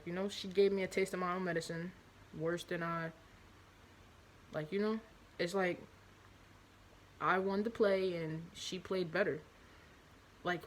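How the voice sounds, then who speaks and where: A woman's voice: lowish voice, slight background noise, low-quality recording. A young woman telling a candid confessional story in her vlog, rambling and blunt with many fillers. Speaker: vlogger.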